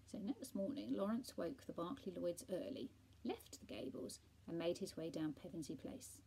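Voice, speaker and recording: A woman teacher reading a bedtime story aloud, with soft, half-whispered asides to children. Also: on the low side, expressive, normal speed, vocal fry, a little hiss or hum, rough recording.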